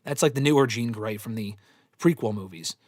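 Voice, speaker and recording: A man's voice: on the low side, brisk, darkish tone, no echo, clean studio sound. A man hosting a live fan Q&A, talking bluntly with plenty of swearing and rambling opinions. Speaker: host answering fan questions. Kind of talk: live casual Q&A stream.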